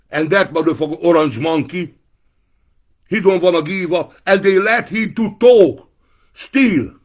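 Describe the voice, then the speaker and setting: A man giving an angry, profane political rant to camera, breaking into shouted outbursts. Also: fairly high pitch.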